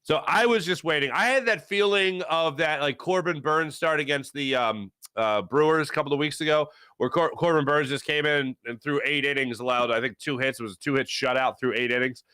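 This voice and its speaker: A man hosting a solo sports talk podcast, breaking down a play with excitement and acting out the players in quick asides. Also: a little high, clean tone, dry recording, studio quality. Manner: animated, acts out players with shouted asides. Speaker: sports talk show host.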